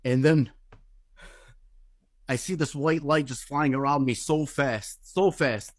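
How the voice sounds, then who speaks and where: A man telling an emotional personal testimony in an intense, halting way, often searching for words. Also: medium pitch, no echo. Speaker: person giving a religious testimony.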